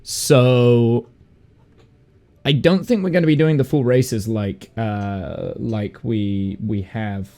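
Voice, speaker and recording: A man's voice: mid-range voice, slow pace, mellow. A man streaming live who chats through a racing game in a rambling way, laughing and swearing. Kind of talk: live gameplay commentary.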